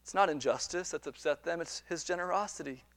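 A man's voice: fairly high pitch, brisk, fairly bright tone, dry recording. A man preaching a sermon, retelling a parable with quoted dialogue and repeated words as he builds each point. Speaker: pastor.

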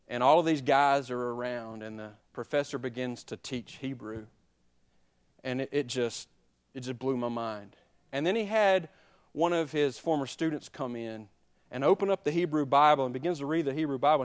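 A man, preaching a sermon that moves between quiet personal confession and loud, emphatic exhortation. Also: mid-range voice, moderate pace, smooth. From Alabama. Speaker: pastor.

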